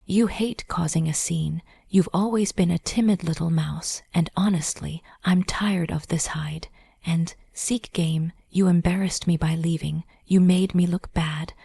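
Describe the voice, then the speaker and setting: A woman voicing a cruel, smug wealthy ex-husband in a low, smooth, taunting whisper, as whispered role-play. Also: steady tone, measured pace, dark tone, dry recording, full character voice. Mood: cold menace.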